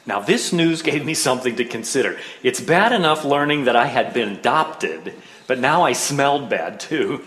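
Middle-aged man, wry storyteller; lively delivery, roomy echo. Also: mid-range voice, moderate pace. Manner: wry, self-mocking humor. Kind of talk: personal storytelling.

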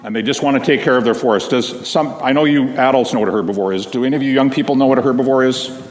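Man telling a children's story in church. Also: mid-range voice. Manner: gentle, slow storytelling, addressing children. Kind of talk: storytelling to a congregation. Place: large church sanctuary. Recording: long reverb of a big hall.

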